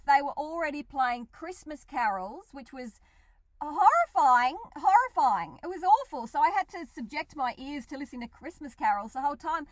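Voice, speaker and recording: A woman's voice: sits high, no echo. A middle-aged Australian woman, a regular on a radio show, chatting casually and animatedly, laughing often.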